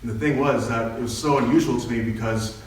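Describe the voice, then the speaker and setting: A man's voice: mid-range voice, fairly even intonation, fast, slight background noise. A young man giving an earnest personal speech, telling his own story to a meeting. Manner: earnest, storytelling, quotes himself and others. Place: meeting hall. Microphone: far from the microphone. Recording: very echoey hall from far off.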